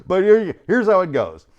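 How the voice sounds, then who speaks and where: A man hosts a live stream in a hyped, joking way. His voice swings widely between high bursts and low, trailing endings. He is speaking into a studio mic. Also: muffled recording. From United States. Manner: hyped, playful, shouts out chat names, trails off low. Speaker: host of a live online show. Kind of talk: energetic live-stream chat.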